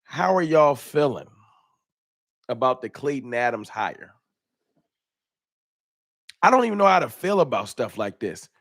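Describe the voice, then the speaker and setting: A man's voice: mid-range voice, big pitch swings, measured pace, gravelly, pauses often, no echo, studio quality. A man hosting a live fan talk stream in a casual, slangy way, greeting viewers by name.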